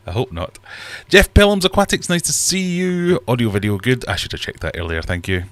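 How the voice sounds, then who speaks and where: A man's voice: medium pitch, big pitch swings, normal speed, fairly bright tone. A man hosting a casual livestream from his fish room, rambling and self-deprecating as he reads chat aloud. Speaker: livestream host.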